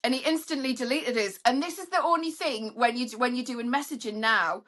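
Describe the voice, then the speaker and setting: Cheeky, bright-voiced woman. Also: a little fast. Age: middle-aged. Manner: cheeky storyteller, acts out quotes in high voices. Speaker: panel member. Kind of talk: casual group chat.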